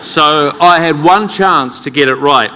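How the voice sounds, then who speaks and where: A man's voice: fairly high pitch, a little slow, sharp tone, slight background noise. Wry New Zealand man in echoing hall. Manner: self-deprecating, wry, conversational with fillers. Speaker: keynote speaker. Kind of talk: humorous personal storytelling. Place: large conference hall with audience. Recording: long hall reverb.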